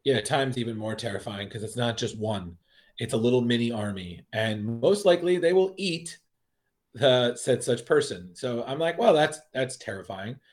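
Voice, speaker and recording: Guy on a podcast rambling about a comic, lots of um and you know, normal pitch. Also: expressive, normal speed. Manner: rambling, many restarts and fillers, acts out quotes. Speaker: podcast co-host. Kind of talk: casual comic book review chat.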